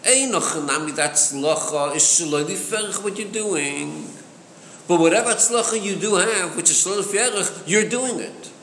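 Guy teaching torah text, bit high voice, asks and answers himself, echoey hall, faint hiss. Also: normal speed, fairly bright tone. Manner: explains with rhetorical questions, mixes Hebrew terms into English. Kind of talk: chassidic text study. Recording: echoey room with long reverb, faint noise.

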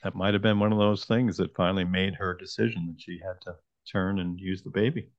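A man with a very low voice co-hosts a podcast and turns over his theories in a reflective, analytical way. His sound is slightly dull and lo-fi. It is dry and close, with no room echo. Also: fairly even intonation, a little fast. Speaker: podcast co-host. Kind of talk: casual episode discussion.

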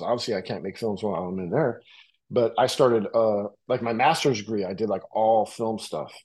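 A man's voice: lowish voice, brisk, a little mellow, slightly rough. A middle-aged man from the United States, talking about his past in a loose, slangy way, full of "like" and "you know". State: coughing from a bong. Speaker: interview guest, writer. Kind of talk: casual storytelling.

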